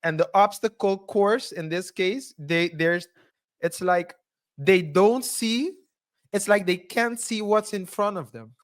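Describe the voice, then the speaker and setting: A man co-hosting a casual commentary podcast, speaking haltingly, restarting sentences and chuckling often. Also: high voice. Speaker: podcast co-host.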